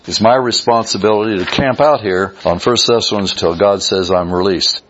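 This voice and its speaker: Fervent husky-voiced male preacher. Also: lowish voice, muffled recording. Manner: fervent preaching with sudden rises and hushed drops. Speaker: pastor. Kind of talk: sermon.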